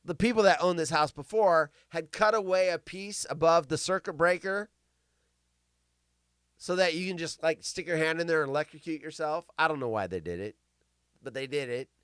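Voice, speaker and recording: A man's voice: a little high, moderate pace, a bit bright, smooth, no room sound, clean studio sound. A male host telling crude, self-mocking stories and riffing on the news on a live comedy show.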